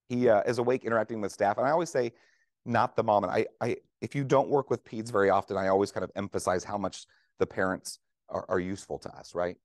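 A man's voice: lowish voice, brisk, no room sound, studio quality. A man who is a veteran trauma nurse giving a conference lecture to clinicians, conversational and joking, often asking the room questions. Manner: conversational, jokey, asks audience questions.

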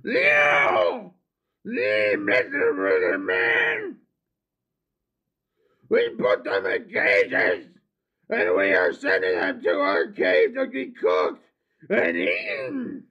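A man voicing a brutish male goblin captor who yells his threats. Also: very high voice, huge pitch swings, very slow, vocal fry, long pauses, muffled recording, heavily acted. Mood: yelling threats. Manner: yelling threats.

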